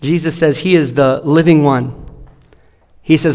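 High-voiced pastor preaching in a hall. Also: male voice, steady tone, measured pace, a little mellow. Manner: impassioned preaching with repeated rhetorical questions. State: strained voice. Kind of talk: sermon. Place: large church sanctuary.

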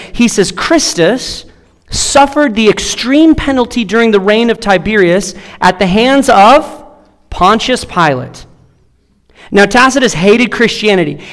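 Male pastor, 30s, strained voice, fervent preaching, high-pitched, long reverb of a large sanctuary. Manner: impassioned preaching with repeated rhetorical questions. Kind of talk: sermon.

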